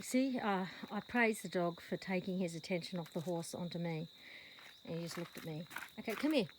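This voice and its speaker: An Australian woman vlogging outdoors with a handheld phone camera, chatting rambly and calling her horse in a high sing-song voice. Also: a little hiss or hum, low-quality recording. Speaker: horse owner filming her rescue horse. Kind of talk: casual vlog to camera. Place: outdoors in a paddock.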